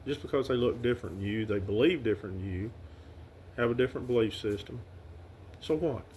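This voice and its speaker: A middle-aged man with a Southern Arkansas accent, telling personal stories to the camera about his late father in a halting, heartfelt way with many fillers and restarts. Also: medium pitch, darkish tone, a little hiss or hum. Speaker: son paying tribute to his late father. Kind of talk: casual heartfelt storytelling to camera.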